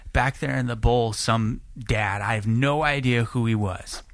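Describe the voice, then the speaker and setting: A podcast guest, a man in his late twenties, tells a long, rambling story full of profanity in a casual chat, getting animated when he acts out quotes. His mid-range voice moves a little slowly, and the recording is dry with clean studio sound.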